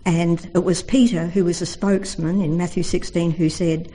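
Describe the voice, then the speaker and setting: Mellow-voiced woman teaching the Bible. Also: fairly low pitch, steady tone, husky, low-quality recording. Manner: earnest storytelling, slows for emphasis. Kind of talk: devotional Bible talk.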